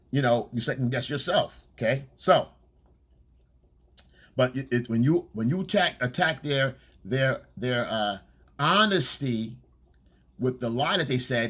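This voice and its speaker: A man's voice: mid-range voice, fairly bright tone, slightly rough. A man giving a dating coach's casual monologue, blunt and profane, who keeps checking in with "okay?".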